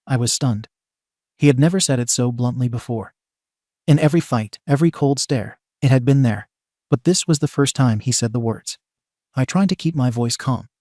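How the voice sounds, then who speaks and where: A man narrating a story in an even, steady scripted read. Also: mid-range voice, normal speed, no echo, clean studio sound.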